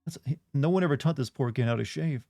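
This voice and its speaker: A man's voice: medium pitch, fast, vocal fry, mellow, no echo. A man chatting casually while streaming a game, rambling and answering his chat. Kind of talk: casual let's-play chat.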